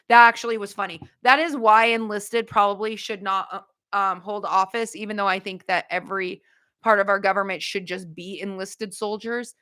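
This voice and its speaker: A woman hosting a casual livestream, chatting bluntly with viewers, with quick asides and no filter. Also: mid-range voice, fairly even intonation, pushed and bright. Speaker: livestream host.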